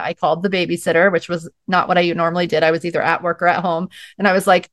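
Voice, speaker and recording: A woman's voice: lowish voice, fairly even intonation, rapid-fire, few pauses, no echo, studio quality. A middle-aged woman, a podcast guest, telling her story in a casual, chatty way, full of "like"s and acting out what she said to herself. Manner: chatty, many "like"s, acts out her own quotes.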